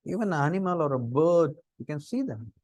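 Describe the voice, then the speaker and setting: A middle-aged man with an Indian English accent, giving a lecture on interview skills, lively and full of rhetorical questions. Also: a little high, fairly quick, no room sound. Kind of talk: lecture on interview body language.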